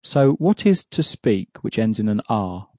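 A man leads an audio language lesson in a mellow, dark voice. He explains each rule patiently and keeps prompting the listener with questions. The sound is dry and close. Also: on the low side, very animated, measured pace, dry recording. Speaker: language teacher.

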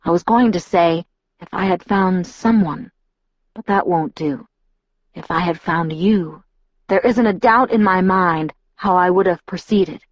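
A woman voicing a formal, gentle young male vampire. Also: fairly low pitch, a little slow, no echo. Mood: earnest. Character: old-fashioned earnest young male vampire. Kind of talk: audiobook character voice. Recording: dull lo-fi audiobook recording.

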